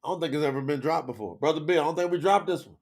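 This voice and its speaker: A man teaching scripture live, his voice a touch high and rough with gravel. He is teary and sweating yet keeps rallying his viewers, swinging between hushed prayer and loud calls to the chat. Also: racing. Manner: emotional, preachy, talks to chat. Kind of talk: live-streamed Bible teaching.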